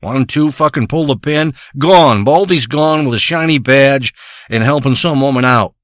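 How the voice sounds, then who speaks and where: A man's voice: medium pitch, moderate pace, a bit bright, no echo, clean studio sound. A man delivering a crude, rambling comic monologue, ranting and swearing as he tells a story.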